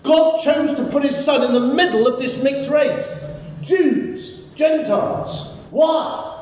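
A man's voice: very high voice, takes it slowly, darkish tone. A male pastor preaching a fervent, repetitive sermon in a church. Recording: echoey church hall from far off, dull.

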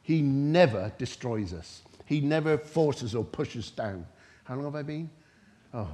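A man preaching a sermon without notes, retelling scripture in his own words and swinging between loud emphatic bursts and soft quiet passages. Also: mid-range voice, lively intonation, measured pace. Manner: impassioned, rising to loud emphatic bursts then dropping soft.

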